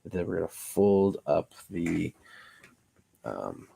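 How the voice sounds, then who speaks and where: Low gravelly man chatting through a craft build. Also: big pitch swings, takes it slowly, mellow. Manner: rambling, jokey, thinking aloud while working. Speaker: puppet builder and streamer. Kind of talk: casual livestream craft chat.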